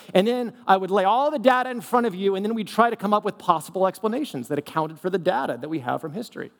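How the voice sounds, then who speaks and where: A man's voice: high voice, long reverb tail. A man preaching a sermon as a pastor, conversational and humorous, asking the congregation rhetorical questions. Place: church sanctuary.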